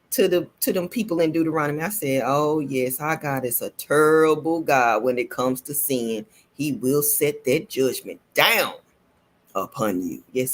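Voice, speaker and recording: A woman vlogger telling a personal story in a casual, animated way, repeating herself and laughing between lines. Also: deep voice.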